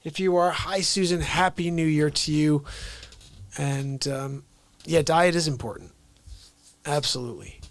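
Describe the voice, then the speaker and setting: A man hosting a live show, telling family stories casually, swinging from loud outbursts to hushed asides. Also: medium pitch, vocal fry. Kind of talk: casual live-stream storytelling.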